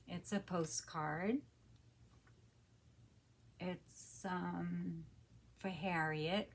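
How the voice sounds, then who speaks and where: A woman in her sixties hosting a casual craft unboxing, soft-spoken and often hushed, with gasps of delight. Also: mid-range voice, steady tone, slow, creaky, a little hiss or hum. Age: 60s. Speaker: crafter and channel host.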